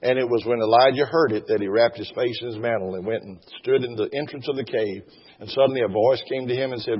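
A man's voice: mid-range voice, fairly quick, breathy edge. A man preaching a sermon, reading scripture aloud and rising to fervent exclamations. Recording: dull, roomy hall sound.

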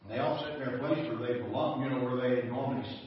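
A man's voice: medium pitch, fast talker. A man preaching a storytelling sermon in a folksy, chuckling way that rises to fervent exhortation. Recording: echoey church hall from far off, dull.

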